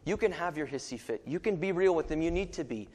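A man's voice: fairly high pitch, animated, fast, a little mellow, long reverb tail. A man preaching a sermon in a casual, joking way, acting out little asides and voices as he goes.

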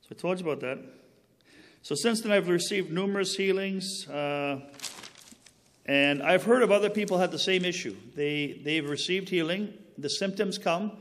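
In a large hall, a man with a high, slightly bright voice speaks at normal speed, telling his personal faith story casually. He rambles earnestly, veers into tangents and apologizes, and preaches while leaning on key phrases.

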